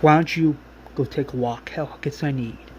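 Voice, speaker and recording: A man playing a calm, fatherly comforter. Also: fairly high pitch, quick pace, lo-fi sound, a little hiss or hum, close to an everyday voice. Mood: reassuring.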